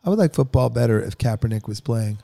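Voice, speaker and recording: A man in casual podcast chat, talking with a voice weakened by a cough and making wry, deadpan jokes. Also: mid-range voice, quick pace, creaky. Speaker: band member on a podcast.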